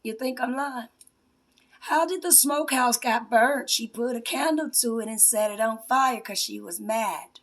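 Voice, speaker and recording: A woman giving an emotional personal testimony aimed at her mother, confrontational and swinging between hushed whispers and a raised, accusing voice. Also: fairly high pitch, unhurried. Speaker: self-styled spiritual priestess.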